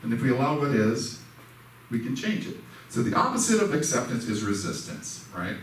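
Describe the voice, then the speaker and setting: With a medium-pitched, very animated voice at a moderate pace, a man shares personal stories in a casual church lesson. He talks conversationally, makes fun of himself, and acts out dialogue, recorded in an echoey sanctuary on a distant mic with faint noise.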